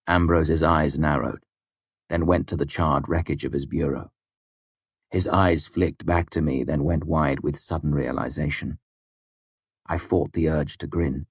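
A man with a very low, deep voice reads an audiobook in a steady, measured way. The recording is dry and close, with no room sound. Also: husky, dry recording. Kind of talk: scripted audiobook narration.

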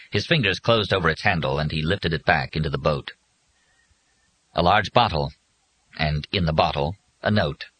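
A man reading an audiobook in a husky voice with dramatic, expressive scripted narration. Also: a bass voice, rough recording.

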